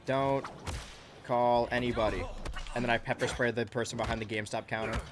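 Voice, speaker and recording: A man's voice: mid-range voice, fairly even intonation, fairly quick, background noise. A man playing a video game and talking over it with rambling, sarcastic jokes and asides. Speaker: gaming channel host. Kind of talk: let's play commentary.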